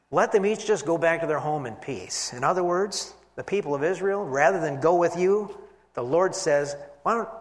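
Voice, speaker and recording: A man teaching scripture as a sermon, his fairly high voice rising for emphasis and falling to near whispers. He acts out the quoted speakers as he goes. The sound carries a long reverb, as in a large hall. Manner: animated, voices quoted figures, swings from loud to hushed. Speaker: preacher. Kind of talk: expository Bible teaching.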